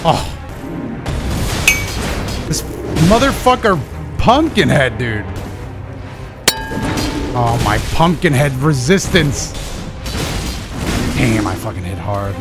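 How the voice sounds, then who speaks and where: A young man giving casual, profane let's play commentary, excitable and trash-talking as he plays. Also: medium pitch, takes it slowly, long pauses, over loud music. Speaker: gaming channel host.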